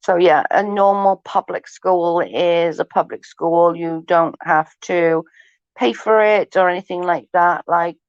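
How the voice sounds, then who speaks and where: A woman rambles through a casual livestream, swearing freely and laughing often. Her voice sits a little low. The sound is dry and dull, like lo-fi stream audio. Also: measured pace, smooth, dry recording. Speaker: livestream host chatting with viewers.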